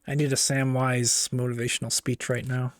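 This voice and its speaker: A man's voice: medium pitch, flat delivery, moderate pace, dry recording, clean studio sound. A man streaming live as he builds a toy set, chatting casually in self-mocking, rambling asides.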